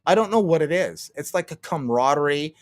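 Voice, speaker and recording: A man's voice: fairly high pitch, animated, brisk, dry recording. A man from Canada hosting a casual livestream, rambling and swearing, laughing often and acting out what others said. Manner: rambling, profane, laughs often, acts out quotes. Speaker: streamer.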